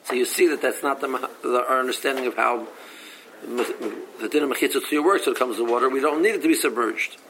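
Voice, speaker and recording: A man leads a casual Talmud class. His voice has a gravelly edge, and he reads each line before explaining it plainly, often stopping to restart a phrase. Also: mid-range voice, brisk, a bit bright, slight background noise, rough recording. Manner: reads Aramaic text then explains in English, with frequent restarts. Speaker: Talmud teacher.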